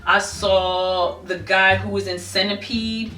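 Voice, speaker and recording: A young woman telling a casual storytime, animated, bursting into high squeals when she quotes herself. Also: slow, distant mic. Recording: echoey room, voice a bit off-mic, faint music behind.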